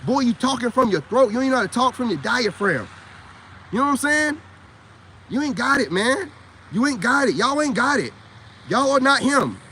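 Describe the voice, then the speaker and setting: A man's voice: very high-pitched, big pitch swings, moderate pace, sharp tone, a little hiss or hum. A man giving a blunt, profane lecture in a casual rant straight to camera. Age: adult parent. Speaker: vlogger. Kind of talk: casual ranting monologue.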